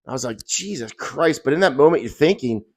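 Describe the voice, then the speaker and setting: A man's voice: mid-range voice, expressive, racing, a little mellow. A middle-aged man, a rideshare driver, telling his own story in agitated, profane, intense bursts. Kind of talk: emotional first-person storytelling.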